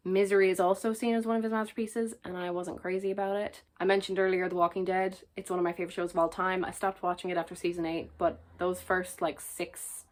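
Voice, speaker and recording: A woman with a somewhat low voice chats casually to her camera as a book reviewer. She is jokey and enthusiastic as she talks through her picks. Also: little pitch movement, fast talker, few pauses.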